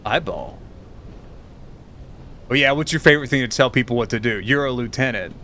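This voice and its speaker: A man's voice: mid-range voice, normal speed, sharp tone, slight background noise. A man streaming live, chatting casually and teasingly with his viewers while tired and rambling.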